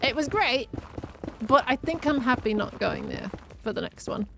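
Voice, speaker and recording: A woman's voice: on the high side, expressive, moderate pace, creaky, background noise. Chatty Australian woman streamer. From Victoria, Australia. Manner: chatty, laughs often, answers chat messages aloud. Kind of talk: casual live-stream chat while gaming.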